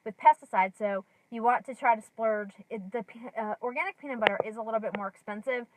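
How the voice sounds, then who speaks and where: A woman's voice: a little high, fast, no room sound, poor audio. A woman in her thirties talking casually to camera from her car, chatty with many ums and likes, a little out of breath. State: slightly out of breath. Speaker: lifestyle vlogger.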